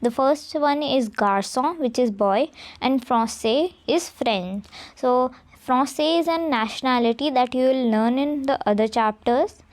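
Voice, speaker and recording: High-voiced Indian woman teaching French. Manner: slow, clear explaining, spelling letters out one by one. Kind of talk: beginner language lesson.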